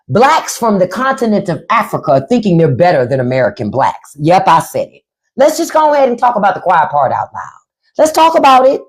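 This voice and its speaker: A woman hosting a livestream, talking in a blunt, profane and sarcastic way. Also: mid-range voice. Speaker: livestream and podcast host. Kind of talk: unscripted livestream commentary.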